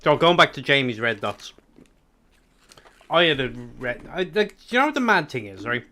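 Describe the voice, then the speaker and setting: A man's voice: mid-range voice, sing-song, normal speed, sharp tone. An Irish man streaming and talking straight to his viewers in a loose, casual chat. He rambles from one thing to the next, swears freely and talks between mouthfuls of sweets. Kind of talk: casual chat answering live chat.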